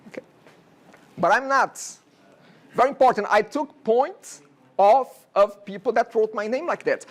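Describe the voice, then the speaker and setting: A man's voice: sits high, moderate pace, pauses often. A man in his forties from Brazil with a Brazilian Portuguese accent, giving a chatty classroom lecture as a college instructor and often checking in with "okay?".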